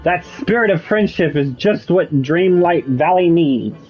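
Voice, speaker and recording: A man's voice: fairly high pitch, lively intonation, a little slow, breathy edge. A man reading as a forgetful old wizard. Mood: earnest. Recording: slightly muffled with faint game music.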